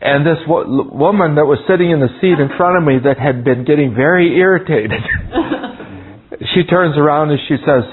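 Give me a high-voiced man preaching in a rambling, chuckling storytelling way, on a thin, phone-like recording. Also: normal speed, a little hiss or hum. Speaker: Bible class teacher. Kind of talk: folksy storytelling sermon. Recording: tinny phone-like sound.

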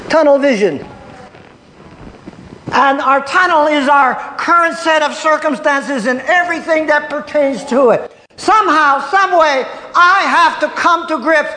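A man's voice: extremely high pitch, measured pace, sharp tone. A man preaching a sermon, telling homespun stories and calling out "Hallelujah" and "Hello?" to his congregation, chuckling between lines. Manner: folksy storytelling with frequent "Hello?" and "Hallelujah" call-outs and chuckles. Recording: echoey hall with long reverb and faint room noise.

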